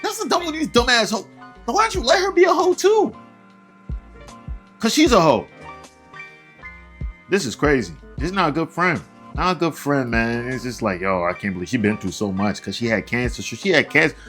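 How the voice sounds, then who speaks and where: A man tears into a story in heated reaction commentary, his voice leaping high and dropping low as he goes. He rants with exasperation and breaks into frequent laughs. Faint music sits behind him. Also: big pitch swings, a little fast, a bit bright. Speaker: reaction channel host.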